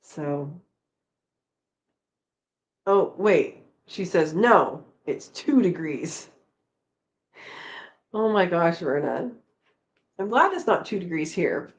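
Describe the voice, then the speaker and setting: A woman hosting a homesteading live chat, reading viewer comments aloud in a relaxed, chatty way, laughing often and trailing off with fillers. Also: fairly low pitch, slow, long pauses.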